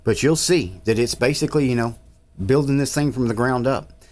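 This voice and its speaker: A man's voice: mid-range voice, normal speed, darkish tone. A man, narrating a casual tech tutorial in an easygoing, rambling way with frequent uhs. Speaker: tech channel host.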